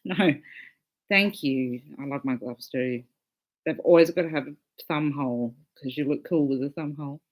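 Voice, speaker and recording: A woman's voice: low-pitched, moderate pace. A woman hosting a casual livestream, chatting with viewers in a loose, swearing, laughing way. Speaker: livestream host.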